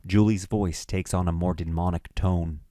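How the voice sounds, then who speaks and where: A man narrating a screenplay's stage directions in a measured, matter-of-fact way. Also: sits low, fairly even intonation, warm tone, no echo, studio quality.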